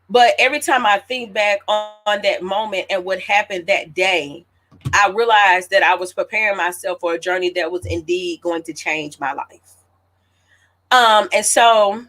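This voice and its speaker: An animated woman in her late thirties tells a personal story in a relaxed, chatty way, often turning to her listeners. Her voice sits at an ordinary middle pitch for a woman. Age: late 30s. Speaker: author hosting her own celebration. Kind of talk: casual storytelling to an audience.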